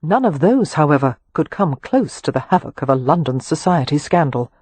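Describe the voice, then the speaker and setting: A woman narrates a period romance audiobook in a measured, even voice with a slight husk. The recording is close and dry. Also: low voice, husky, no echo. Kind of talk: scripted narration.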